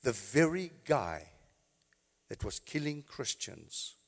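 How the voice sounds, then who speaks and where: A man, a pastor, preaching an impassioned sermon that swings from quiet, low passages to high, shouted exclamations. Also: vocal fry, breathy edge, long reverb tail.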